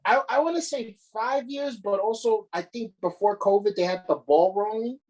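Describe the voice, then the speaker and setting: A man's voice: sits high, moderate pace, poor audio. A man co-hosting a podcast, ranting in casual chat with plenty of profanity and exasperation. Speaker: podcast co-host.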